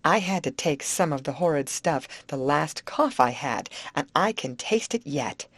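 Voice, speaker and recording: A woman reading the lines of a soft-spoken, luxury-loving teenage girl in an audiobook. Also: low voice, animated, measured pace, breathy edge, no room sound, full character voice. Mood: touchy. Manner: soft, wistful.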